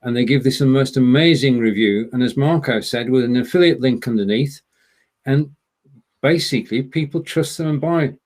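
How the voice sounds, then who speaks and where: A man's voice: medium pitch, moderate pace, darkish tone. A man hosting a live stream chat over a video call, making points steadily and building on what others said. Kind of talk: casual discussion.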